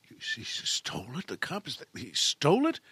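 A man's voice: a little high, huge pitch swings, moderate pace, pushed and bright, husky, dry recording. A man hosting a show, telling a joke in a chatty, folksy, self-amused way. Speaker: radio host. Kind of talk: casual storytelling monologue.

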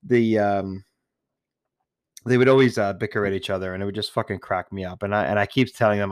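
He's a retail worker addressing listeners in a loose, profane monologue, chatting nonstop and restarting sentences often. His lowish voice has fairly even intonation and moves a little fast; the studio-quality recording has no echo.

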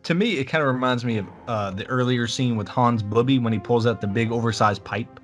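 A man's voice: mid-range voice, a little fast, soft background music. A man co-hosting a casual movie podcast, adding dry, joking comments. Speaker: podcast co-host.

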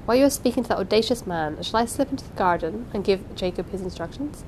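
A woman's voice: medium pitch, lively intonation, fast, a little mellow, slight background noise, close to an everyday voice, poor audio. A woman reading aloud and voicing a female housekeeper who speaks urgently and soothingly. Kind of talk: audiobook reading.

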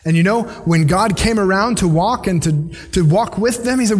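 Guy preaching, high voice, earnest and chatty, lots of echo like a big hall. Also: moderate pace, husky. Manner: earnest, conversational, restarts and side notes. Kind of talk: sermon. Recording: long hall reverb.

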